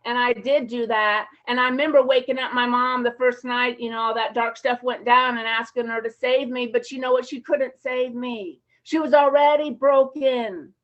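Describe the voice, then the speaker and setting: High-voiced woman sharing her recovery story. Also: steady tone, moderate pace, hardly any pauses. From Champaign, Illinois area. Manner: frank, casual, emotional, peppered with "man". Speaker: recovery conference speaker. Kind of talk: personal recovery talk. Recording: muffled lo-fi conference audio.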